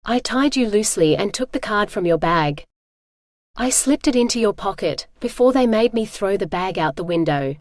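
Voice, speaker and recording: A woman's synthetic reading voice speaking the lines of a quiet, teasing young man who keeps a captive. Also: moderate pace, dry recording, studio quality. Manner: low, calm and teasing.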